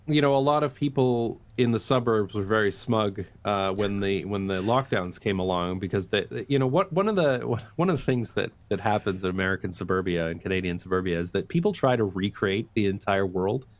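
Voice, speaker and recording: A man's voice: lowish voice, animated, fairly quick, few pauses. A man, a guest on an interview, talking at length in a casual, chatty way with frequent restarts. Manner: talkative, explains at length with many restarts. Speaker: guest, urban design YouTuber.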